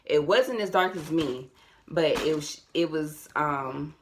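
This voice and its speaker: A young woman, casually telling a personal story to her viewers, animated and repeating herself, calling them y'all. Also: low-pitched, slow pace. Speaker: vlogger.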